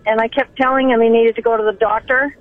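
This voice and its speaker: A woman's voice: a little high, steady tone, quick pace, no echo. A middle-aged woman calling in to a radio show, telling a chatty, self-mocking story about her kids over the phone. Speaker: caller. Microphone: telephone. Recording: tinny phone line.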